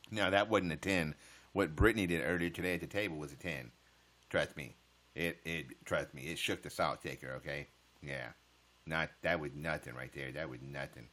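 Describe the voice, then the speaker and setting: A man's voice: very deep voice, normal speed, sharp tone. A man chatting casually on a livestream, answering viewer comments with profane smart-aleck jokes.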